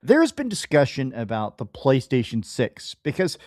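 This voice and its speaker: Animated man talking gaming news. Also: medium pitch, moderate pace, no echo, clean studio sound. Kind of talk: casual gaming industry talk.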